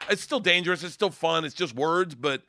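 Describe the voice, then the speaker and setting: A middle-aged male comedian telling wild road stories in casual chat, profane and rowdy, loudly acting out the people in them. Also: a little high, a little fast. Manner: profane, rowdy storyteller who acts out voices loudly. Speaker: comedian guest.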